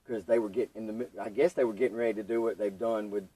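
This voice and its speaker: Husky young man. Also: lowish voice, fast talker, recorded from a distance, poor audio. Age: young adult. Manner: animated storytelling, acts out quoted voices. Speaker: podcast guest. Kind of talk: telling his recovery story.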